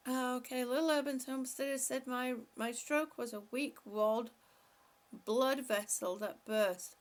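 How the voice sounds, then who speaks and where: A woman hosting a relaxed live stream, talking slowly with a gravelly, creaky edge to her voice. Her voice sits a little higher than most. She reads out viewer comments, answers them, and laughs often between them. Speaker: vlogger reading live chat. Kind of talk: casual live-stream chat.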